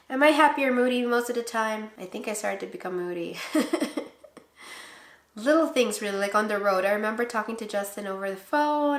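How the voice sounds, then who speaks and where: A young woman in her twenties from the Philippines, casually chatting to camera in a vlog, laughing often and acting out quotes. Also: mid-range voice. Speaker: pregnancy vlogger. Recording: echoey room.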